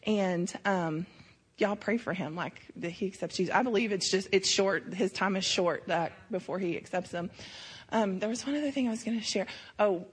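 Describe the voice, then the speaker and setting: Husky woman giving a testimony. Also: mid-range voice, moderate pace. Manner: emotional, filler-heavy storytelling. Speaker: church member sharing a mission trip testimony. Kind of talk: casual testimony.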